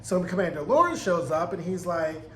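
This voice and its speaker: A man giving an animated, profane, sassy recap of a TV episode in casual commentary. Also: high voice, moderate pace. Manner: animated, profane, sassy, acts out character quotes. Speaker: TV recap reviewer. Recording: echoey room, faint noise.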